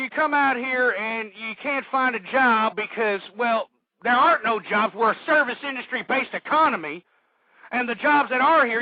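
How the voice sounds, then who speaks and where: A radio host holds forth in a heated, ranting monologue, his voice pitched very high for a man. The sound is dry and close, squeezed thin like a phone line. It is an old lo-fi broadcast. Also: dry recording. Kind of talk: political talk radio monologue.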